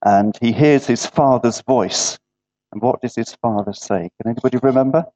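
A man's voice: mid-range voice, normal speed, warm tone. A man preaching an interactive sermon in a church gathering. He keeps asking the listeners questions and checks in with repeated "yeah". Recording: dull lo-fi recording.

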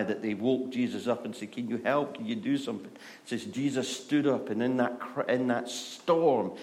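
A middle-aged Scottish pastor preaching a sermon, telling stories and moving between hushed and loud, lively delivery. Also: male voice, fairly low pitch. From Scotland. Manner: storytelling, shifts from hushed to loud and animated.

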